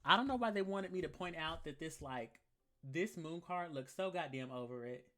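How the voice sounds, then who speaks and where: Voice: medium pitch, animated, normal speed, pushed and bright. A tarot reader hosts a live collective reading with a sassy, blunt delivery full of casual slang. Key phrases come again and again for emphasis, and comments from the chat get answered on the fly.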